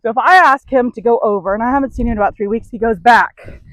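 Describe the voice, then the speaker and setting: A woman horse trainer giving a hands-on demonstration, explaining to the camera as she works a horse and softly praising it between points. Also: on the high side, fast, dry recording, poor audio. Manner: talks to the camera while working a horse, with soft praise between.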